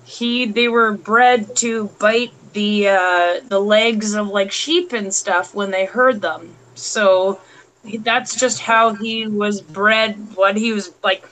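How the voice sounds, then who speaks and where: A woman's voice: medium pitch, fairly even intonation, fairly bright tone, a little hiss or hum, poor audio. A woman chatting casually about dogs, laughing often. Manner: slow, laughing, talks to her dog. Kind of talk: casual chat.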